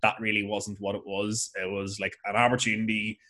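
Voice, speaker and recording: A man's voice: lowish voice, fairly quick. Candid Northern Irish man hosting. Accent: Northern Irish, Lurgan. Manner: animated, laughs easily, blunt and candid. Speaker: podcast host. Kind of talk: casual podcast conversation.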